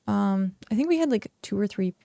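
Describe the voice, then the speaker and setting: Gravelly-voiced woman streamer thinking aloud. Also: medium pitch, lively intonation, fairly quick, dark tone, dry recording. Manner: rambling, thinking aloud with many fillers. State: hiccuping and yawning. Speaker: game streamer. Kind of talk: casual streaming chat while playing.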